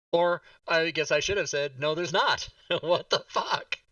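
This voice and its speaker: Bright, slightly high male host, casual and jokey, heard a bit off-mic. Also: no echo, distant mic, dull audio. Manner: jokey, rambling, quick asides. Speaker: talk show host. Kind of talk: casual streamed chat.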